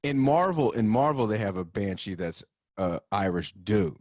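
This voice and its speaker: A man's voice: on the low side, lively intonation, moderate pace, darkish tone, no echo. Man, podcast host, casual rant, swearing, dry room sound. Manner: ranting, joking, loose profanity. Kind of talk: casual chat. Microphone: video call.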